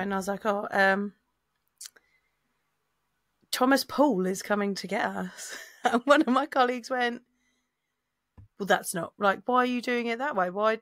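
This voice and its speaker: Bright, chatty woman. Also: medium pitch, dry recording, studio quality. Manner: chatty storyteller, laughs often. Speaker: podcast co-host. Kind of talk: casual chat.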